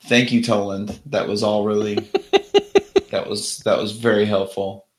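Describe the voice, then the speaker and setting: A man's voice: fairly low pitch, huge pitch swings, measured pace. A man co-hosting a podcast in casual chat, easily amused. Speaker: podcast co-host.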